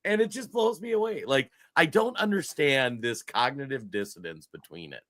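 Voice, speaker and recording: A man's voice: medium pitch, lively intonation, moderate pace, fairly bright tone, no echo. A male podcast co-host in casual political chat who rambles, laughs through his sentences and restarts often.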